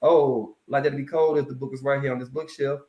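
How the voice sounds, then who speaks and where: A man speaking as a mental health professional in a casual interview, telling stories in a lively, colloquial way and addressing the audience directly. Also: mid-range voice, fast talker, lo-fi sound. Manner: animated, colloquial, preachy asides to the audience.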